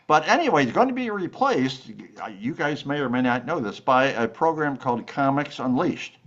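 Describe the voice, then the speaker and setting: A man's voice: medium pitch, lively intonation, moderate pace, fairly bright tone, lo-fi sound. An older man, one of the show's regulars, telling jokes with lots of fillers and laughs. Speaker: comedy show host.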